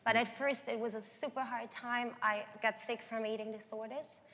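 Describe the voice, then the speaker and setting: A woman's voice: on the high side, steady tone, normal speed, a bit bright. A young woman, a guest singer, telling her life story earnestly in an interview. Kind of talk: interview testimony. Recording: long hall reverb.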